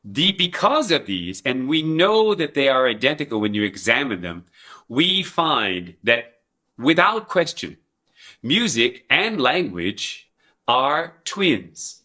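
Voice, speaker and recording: Slow, bright-voiced male lecturer. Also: medium pitch, very animated. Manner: rhetorical questions, demonstrates with babbling and sung syllables. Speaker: educator presenting a teaching method. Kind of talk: explanatory lecture.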